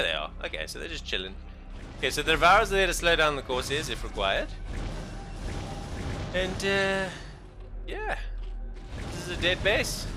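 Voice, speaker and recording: A man casting a strategy game match alone, excitable and jokey, dropping to mumbled asides and then bursting out loud. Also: sits high. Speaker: esports caster. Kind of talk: solo game commentary.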